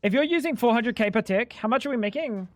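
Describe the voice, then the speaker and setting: A high-voiced man chatting casually while he streams a game. He explains bluntly, often sounds exasperated and swears freely. His voice sits close and dry, with no room sound at all. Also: animated, fast talker, dry recording. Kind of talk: casual livestream chat while gaming.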